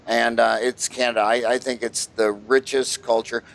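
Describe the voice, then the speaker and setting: A man's voice: medium pitch, flat delivery, normal speed, creaky, fairly bright tone. A man hosting an interview podcast, chatting casually and telling rambling jokey stories full of fillers. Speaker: podcast host.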